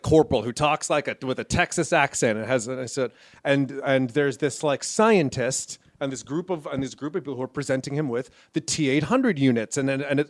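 Man, casual podcast talk, halting, restarts, dry close sound. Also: medium pitch, no echo. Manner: halting, many restarts while explaining. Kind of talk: casual movie discussion.

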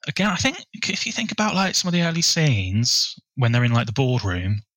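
A man co-hosting a film podcast, measured and informative, steering the conversation. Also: medium pitch, big pitch swings, a bit bright, no echo. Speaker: podcast co-host. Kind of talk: casual film chat.

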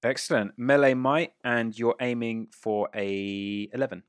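A man's voice: medium pitch, fairly even intonation, unhurried, smooth, no room sound, clean studio sound. A man narrating as game master of a tabletop game, describing gory action with relish and lots of fillers. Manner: gleeful, gory narration with frequent fillers and laughs.

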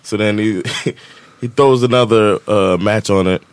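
A man's voice: on the low side, fairly even intonation, unhurried, clean tone, no echo. A man, telling a story on a casual podcast, laughing often and acting out the voices of the people in it. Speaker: podcast co-host.

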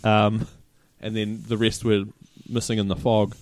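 A man co-hosting a podcast in casual chat, recounting his travels in an easygoing, relaxed way. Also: on the low side, unhurried, no echo. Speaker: podcast co-host.

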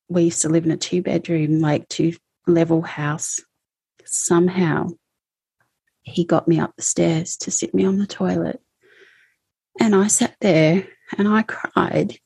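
A woman recounting her personal experiences as an interview guest, speaking in a halting, emotional way. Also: lowish voice, vocal fry, darkish tone, husky, dry recording. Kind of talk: personal testimony.

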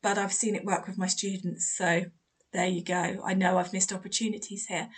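A woman's voice: medium pitch, flat delivery, normal speed, slightly rough. A woman hosting a spiritual advice podcast as a medium, chatty and encouraging, acting out quoted dialogue in her stories.

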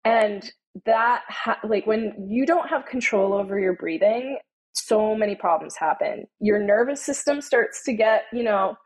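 A young adult woman speaking as an interview guest, telling stories and explaining vocal habits in a relaxed, chatty way, with many "you know" and "like" fillers. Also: mid-range voice, measured pace, poor audio. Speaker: guest, tone-of-voice consultant. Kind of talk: casual conversational interview.

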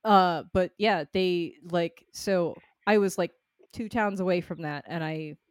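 A woman's voice: lowish voice, measured pace, no room sound. A woman from New England, co-hosting a podcast, chatting casually and wryly with plenty of swearing. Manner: profane, wry, laughs at herself. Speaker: podcast co-host. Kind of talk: casual chat.

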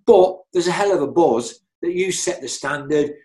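A man's voice: on the high side, expressive, moderate pace, darkish tone. A middle-aged man, speaking as an interview guest. He spins long, easygoing anecdotes, often circling back with restarts and filler phrases. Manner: chatty, rambling, many "you know"s and restarts. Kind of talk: anecdotal storytelling.

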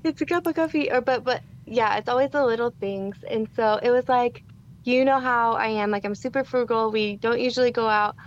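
A woman in her thirties co-hosts a podcast in lively, casual chat. She acts out her own reactions as she talks. Her voice sits a bit high, and the recording sounds dull and lo-fi. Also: moderate pace. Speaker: podcast co-host.

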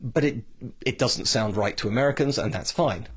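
A man's voice: mid-range voice, moderate pace, crowd noise. A British man hosting a podcast, talking in a chatty, digressive, opinionated way. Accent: British English. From Britain. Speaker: podcast host. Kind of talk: casual podcast monologue.

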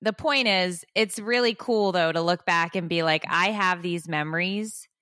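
Low-voiced chatty woman, dry sound. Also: normal speed, pushed and bright, clean tone, dry recording. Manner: chatty, rambling, laughs often. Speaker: podcast co-host. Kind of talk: casual chat.

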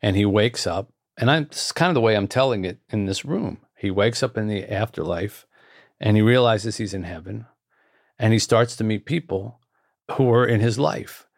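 A man with a low, gravelly voice tells a story earnestly as a guest. His speech is warm and intimate. The sound is dry and close, with no room echo. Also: normal speed. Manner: earnest, repeats phrases. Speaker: author, guest. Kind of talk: anecdotal storytelling.

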